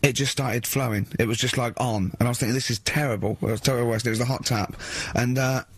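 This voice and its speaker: A husky-voiced man trades casual radio banter in a dry, close studio sound. He tells rambling stories with a wry edge, at a middling pitch. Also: steady tone, fast, dry recording. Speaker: radio show co-host.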